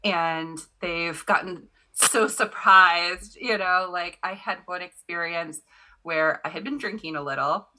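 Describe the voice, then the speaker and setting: A woman guest in a casual interview, talking about tarot reading in an animated storytelling way, full of "you know" fillers. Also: lowish voice, unhurried.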